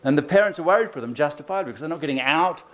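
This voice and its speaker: A man giving a chatty, joking talk to a room of teachers, acting out kids' jokes in quick little voices. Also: fairly high pitch, animated, a bit bright. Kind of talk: lively conference talk to teachers. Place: lecture hall.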